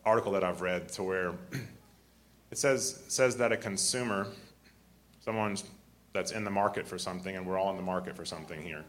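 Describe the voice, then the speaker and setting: A man with a deep, grumbly voice, preaching a sermon, often clearing his throat and restarting his sentences. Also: normal speed, long pauses.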